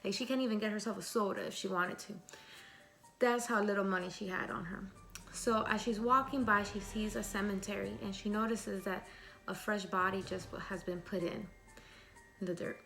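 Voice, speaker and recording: Bright-voiced woman telling a scary story. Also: mid-range voice, moderate pace, vocal fry, faint music behind. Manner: chatty, lively, asks rhetorical questions.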